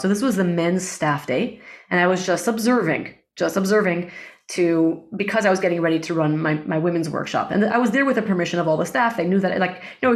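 Earnest woman telling a story. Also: on the low side. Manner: earnest, animated storytelling with acted-out quotes. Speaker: guest. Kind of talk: storytelling interview.

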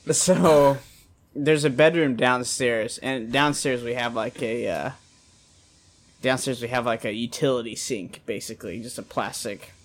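A man's voice: medium pitch, measured pace. A man joking in a casual podcast chat, swearing and laughing at his own stories. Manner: joking and profane, laughs often.

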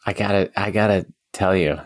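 A man's voice: low-pitched, fairly quick, no echo, clean studio sound. A middle-aged man co-hosting a comedy podcast, chatting loosely and rambling, laughing easily. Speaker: podcast co-host. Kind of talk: casual comedic chat.

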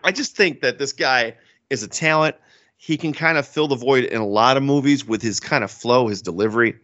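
Man, young adult, podcast co-host, animated, laughs a lot, dull dry recording. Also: mid-range voice, brisk, no room sound. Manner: animated, enthusiastic, laughing often. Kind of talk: casual movie chat.

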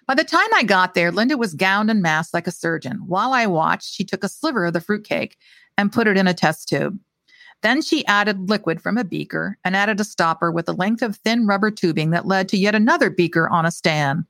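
Woman, audiobook narrator, wry, steady, first-person mystery, dry close mic. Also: mid-range voice, fairly quick, no room sound.

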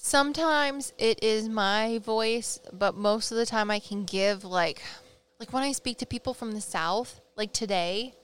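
A woman's voice: on the high side, a little slow, clear, resonant tone. A woman with a Midwestern accent, a psychic medium co-hosting a casual podcast, telling stories animatedly and laughing often. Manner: animated storyteller, acts out quotes, laughs often.

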